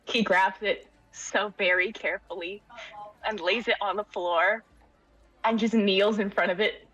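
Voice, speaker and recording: A woman's voice: mid-range voice, fairly even intonation, a little slow, fairly bright tone, no echo, lo-fi sound. A woman playing a tabletop game, narrating her character and pleading playfully in character. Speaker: player.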